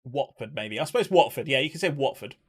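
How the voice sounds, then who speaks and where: A man's voice: mid-range voice, animated, fast, a bit bright, slightly rough. A young man, streaming a game live and bantering with his chat in a casual, joking way, swearing now and then.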